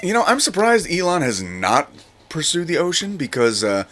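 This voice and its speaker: A stand-up comedian man chatting as a podcast guest, his voice a touch high and swinging widely in pitch. He drops dark jokes in a deadpan way. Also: moderate pace, a little hiss or hum. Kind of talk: casual podcast chat.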